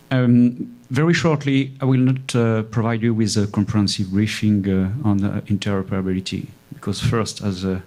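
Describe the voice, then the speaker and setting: A man from France with a strong French accent, an army training officer speaking on a conference panel in halting English with many pauses. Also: fairly low pitch, a little mellow. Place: conference hall.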